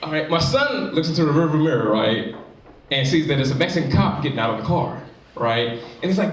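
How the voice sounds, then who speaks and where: A man's voice: a little high, big pitch swings, fairly quick, music in the background. A man doing a stand-up comedy set in a live venue, talking in a loose, chatty way. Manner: loose, chatty delivery full of "you know what I'm saying". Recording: echoey live room, distant mic, crowd.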